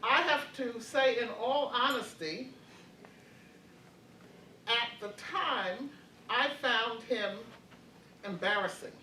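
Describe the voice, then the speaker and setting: A woman's voice: a little high, takes it slowly, long pauses, roomy sound, recorded from a distance, noisy background. An older woman in her eighties, reflecting on her college years as a panelist, hesitant with many fillers and restarts and frequent laughs. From Baltimore. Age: 80s. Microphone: video call.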